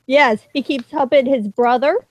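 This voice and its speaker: Higher-voiced woman, dry close mic. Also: normal speed, dry recording. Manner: self-deprecating, stumbling restarts, giggly. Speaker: stream co-host. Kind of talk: casual chat.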